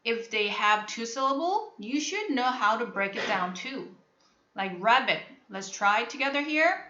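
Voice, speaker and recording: A woman leads an online phonics lesson in a bright, slightly high voice. She speaks slowly and patiently, asking the same question again and again to draw out answers. The call audio is echoey and muffled. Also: lively intonation. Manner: slow, patient, repeats questions to prompt students. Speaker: English teacher.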